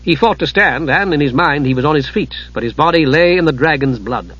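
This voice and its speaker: A man reading a fantasy novel aloud in measured, dramatic audiobook narration. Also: a little high, animated, a bit bright. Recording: dull lo-fi recording.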